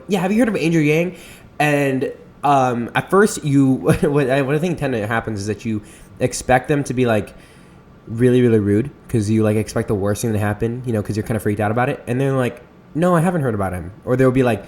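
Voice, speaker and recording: Fast-talking, rambling male podcaster. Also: mid-range voice, lively intonation. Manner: rapid, rambling, with frequent restarts and fillers. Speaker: podcast host. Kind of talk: casual podcast monologue. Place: Seattle area.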